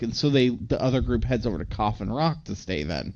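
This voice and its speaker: A man's voice: mid-range voice, big pitch swings, brisk, darkish tone, muffled recording. A man co-hosting a podcast, recapping a movie in casual chat, rambling with lots of filler words. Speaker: podcast co-host.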